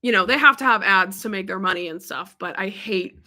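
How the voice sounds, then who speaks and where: A woman's voice: medium pitch, brisk, sharp tone. A young woman on a live stream, answering viewers' questions in a rambling, casual chat full of "like" and "um". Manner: rambling and chatty, heavy on "like" and "um".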